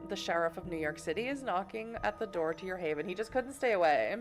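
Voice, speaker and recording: A woman from Boston reads a video game's story text aloud on a livestream. She breaks off often for playful, giggly comments to her chat. Her voice sits a little low, and soft music plays underneath. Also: animated, fairly quick, hardly any pauses. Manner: playful, giggly, chatty asides. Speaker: streamer. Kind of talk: reading game text and chatting on a livestream.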